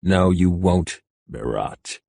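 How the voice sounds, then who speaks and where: A man voicing a cold, mocking male warlord who speaks slowly and deliberately. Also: on the low side, lively intonation, darkish tone, no room sound, clean studio sound.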